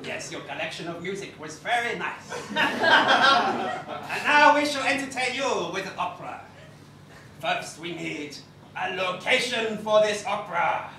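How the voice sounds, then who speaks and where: A man's voice: sits high, animated, a little slow, long pauses, noisy background. A man doing improv comedy on stage in a playful, mock-formal manner. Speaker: improv performer. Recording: echoey live club from far off.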